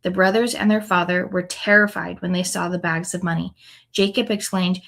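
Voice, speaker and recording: A woman's voice: lowish voice, steady tone, normal speed, creaky, fairly bright tone. Woman reading and reflecting on scripture. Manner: conversational, tag questions like "right?". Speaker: Bible teacher.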